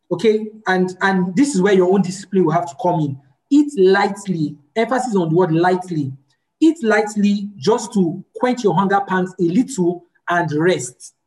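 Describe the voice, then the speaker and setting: A woman's voice: on the low side, a little mellow, rough recording. A woman leads a group session, teaching and answering questions in a practical way and repeating words for emphasis.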